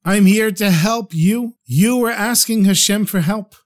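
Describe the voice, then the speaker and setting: A calm, kindly old rabbi speaks gently and reassuringly, as a storyteller puts him on. The voice is fairly high for a man, in the manner of an audio storybook. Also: measured pace.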